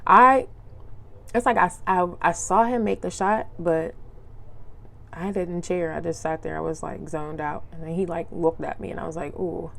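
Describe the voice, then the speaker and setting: A woman's voice: lowish voice, fairly even intonation, moderate pace, creaky, slight background noise. A young adult woman hosting a solo podcast, talking casually in slangy speech, telling personal stories and acting out what people said. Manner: chatty storyteller, acts out quotes, laughs often. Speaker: podcast host.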